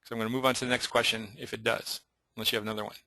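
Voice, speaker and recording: Man, webinar host, bright forceful voice, dry close sound, relays questions. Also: mid-range voice, level tone, vocal fry, no room sound, rough recording. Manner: brisk, relays audience questions. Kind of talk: moderating a webinar.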